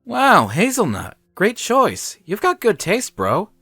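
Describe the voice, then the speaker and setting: A man's voice: high voice, wildly swooping pitch, slow pace, sharp tone, slightly rough, no echo, studio quality, soft background music, voice pushed up, exaggerated voice. A man playing a smug, cheerful cocky guy. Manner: confident, way too cheerful, smirking.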